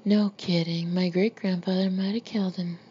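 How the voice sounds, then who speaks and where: Woman doing a gruff brash Marine colonel. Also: fairly low pitch, steady tone, normal speed, dark tone, natural voice. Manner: gruff, mocking. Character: brash blunt middle-aged male Marine colonel. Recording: muffled lo-fi recording with faint hiss.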